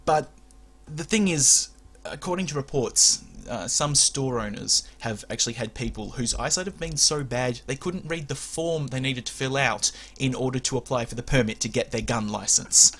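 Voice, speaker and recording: A man's voice: mid-range voice, moderate pace, a bit bright. A man hosting a comedy podcast, joking and laughing often as he chats. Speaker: podcast host. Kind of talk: casual comedy podcast chat.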